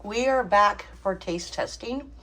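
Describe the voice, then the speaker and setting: A woman's voice: medium pitch, measured pace, a bit bright. A woman hosting a home cooking channel, talking casually with frequent ums and small laughs. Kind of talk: casual cooking vlog chat.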